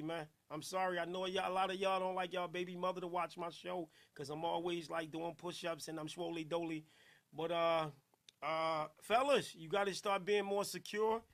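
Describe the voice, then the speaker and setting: A man with a fairly high, bright, cutting voice, chatting loosely and loudly on his podcast. He jokes around, teases listeners and throws out shout-outs in heavy slang. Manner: loud, animated, playful, slangy. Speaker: podcast host. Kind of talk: casual livestream chat with shout-outs.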